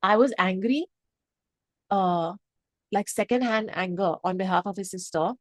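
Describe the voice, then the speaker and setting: A woman's voice: mid-range voice, unhurried, no echo. A woman from India, reviewing a film to camera in a passionate, emotional, rambling way. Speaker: movie reviewer. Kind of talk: unscripted review chat to camera.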